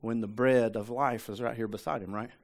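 A man's voice: medium pitch, fairly even intonation, a little fast. Male pastor, casual conversational sermon, repeats for emphasis, fires off rhetorical questions.

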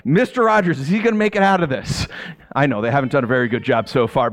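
A man giving a casual, animated Bible teaching, chatty and quick to laugh, full of rhetorical questions. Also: mid-range voice.

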